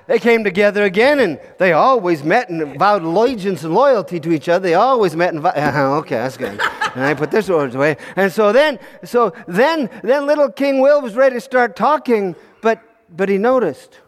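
A high-pitched man narrates a children's story, animated and halting, stumbling over repeated words. His voice rings with a long hall reverb.

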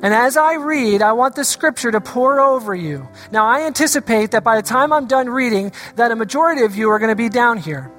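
A woman pastor giving an earnest, pleading altar call in a sermon and reading scripture slowly. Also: a little high, animated, fairly bright tone, faint music behind.

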